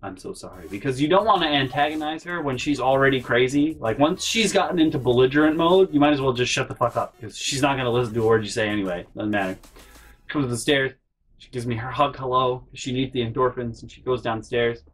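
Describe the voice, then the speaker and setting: A man hosting a comedic storytime vlog from his bedroom, telling stories with a sarcastic, animated delivery. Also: mid-range voice, fast talker. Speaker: vlog host.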